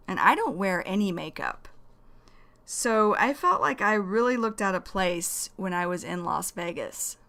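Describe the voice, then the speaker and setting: A woman teaching English vocabulary, explaining idioms slowly and deliberately and repeating each phrase. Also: mid-range voice, a bit bright.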